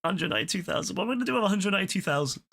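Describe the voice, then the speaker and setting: Rapid-fire and animated, this streamer has a high voice with a fairly bright tone. Worn out, he exclaims in frustration at the game and to himself as his voice starts to break. It's live gameplay commentary, with game sound clearly present in the background.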